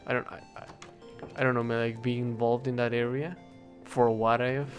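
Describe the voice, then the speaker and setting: Young man, mid-pitched, rambling chat over a game with faint music under it, stops and restarts a lot. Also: level tone, normal speed. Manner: rambling, hesitant, self-correcting, swears casually. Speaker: English teacher. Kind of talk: casual rambling talk while gaming.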